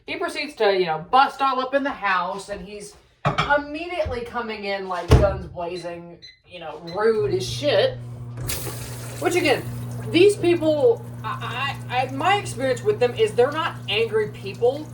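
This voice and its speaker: A woman's voice: a little high, lively intonation, unhurried, distant mic, slight background noise, rough recording. A young adult woman telling a story at home in a casual rant, swearing a lot, exasperated and full of rambling asides. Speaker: vlogger.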